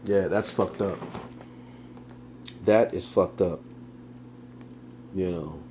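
A man hosting his own podcast, delivering an angry, profane political rant, often repeating himself and answering his own points with "yeah", dropping to a mutter and then surging louder. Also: fairly even intonation, drawn-out words, slight background noise. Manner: swings from muttering low to loud outbursts. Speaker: podcast host.

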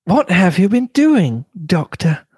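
A man voicing a polite, gentle young woman acting as hostess. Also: fairly high pitch, takes it slowly, no room sound, clean studio sound, pitched above the performer's own voice. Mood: gracious.

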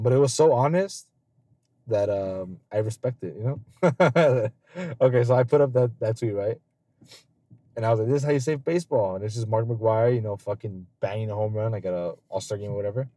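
A man hosts a casual podcast chat, telling loose stories packed with swearing and frequent laughter. His voice sits in the mid-range with a dark tone.

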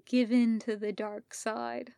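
A woman's voice: fairly high pitch, little pitch movement, takes it slowly, gravelly, warm tone, dry recording, studio quality. A woman voicing a menacing male Sith lord who mocks and coaxes in a fan audiobook reading. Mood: coaxing. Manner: mocking, coaxing.

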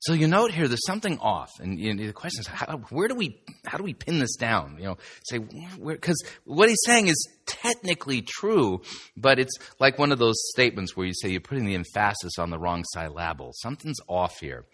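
A male pastor preaching in a conversational, emphatic way, often turning to speak straight to the listener. His pitch swings widely and his tone stays bright and forceful. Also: very animated, a little fast, slightly rough. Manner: chatty and emphatic, with asides to the listener. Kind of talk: conversational sermon teaching.

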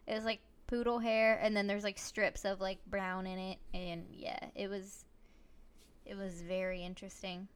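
A woman's voice: medium pitch, flat delivery, moderate pace, clean tone. A woman hosting a podcast, chatting casually with a playful, teasing, giggly manner. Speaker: podcast host. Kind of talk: casual chat.

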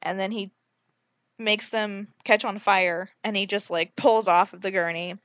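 Bright, animated young woman recapping a movie. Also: mid-range voice, a little slow, no room sound, muffled recording. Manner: animated, swearing, frequent "like" fillers.

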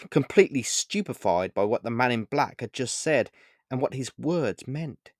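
A man reading his own short story aloud in the first person, in a measured, earnest storytelling manner. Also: fairly low pitch, lively intonation, no room sound, clean studio sound.

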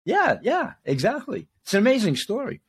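An older man with a high voice hosts a casual podcast interview. He rambles through tangents, restarting sentences again and again as he chats with his guest. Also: wildly swooping pitch, normal speed, slightly rough. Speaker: podcast host.

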